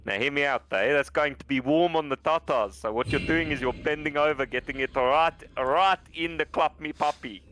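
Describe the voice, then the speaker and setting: A man's voice: a little high, a bit bright, slight background noise, close to an everyday voice. A man putting on a South African accent as a crude, swaggering bloke on a game stream, tacking "eh?" and "my man" onto his lines. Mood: teasing crude. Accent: put-on South African. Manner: bawdy, teasing, drawn-out tags like "eh?" and "my man".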